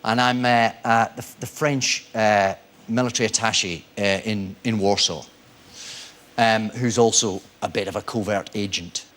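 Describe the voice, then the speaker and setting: A man in his forties, a guest actor on a chat show, telling lively anecdotes and acting out the voices of people in them. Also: on the low side, normal speed. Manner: animated storyteller, acts out quoted voices.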